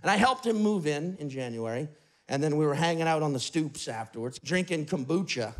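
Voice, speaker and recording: A man doing stand-up comedy in an apartment, telling a story in an animated way. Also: fairly high pitch, brisk. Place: apartment living room, live audience.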